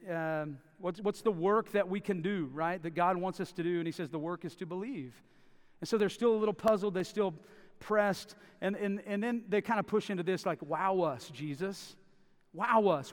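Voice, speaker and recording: A man preaching a sermon, emphatic and repeating phrases for stress. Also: high voice. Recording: long reverb of a large hall.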